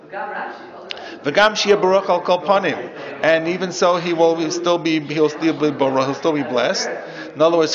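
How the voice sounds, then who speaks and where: A man teaching a text class as a rabbi, reading Hebrew lines and then explaining them step by step to his students. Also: a little high. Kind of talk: classroom Torah lesson. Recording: dull lo-fi audio with class chatter.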